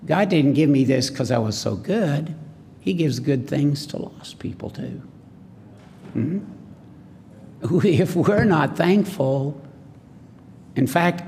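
A man's voice: medium pitch, creaky, a little mellow, long reverb tail, slight background noise. A man preaching a sermon in a folksy way, often asking the congregation questions.

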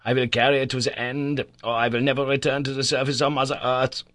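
Stubborn older professor, voiced by a male reader: insistent, commanding, pitched up, dry sound. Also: little pitch movement, quick pace, fairly bright tone, no room sound, natural voice.

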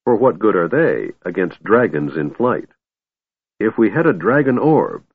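A man's voice: on the low side, sing-song, a little slow, breathy edge, no echo, heavily acted. A man voicing a weary, bitter young elf woman commander, sighing through her lines. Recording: tinny phone-like line, dry.

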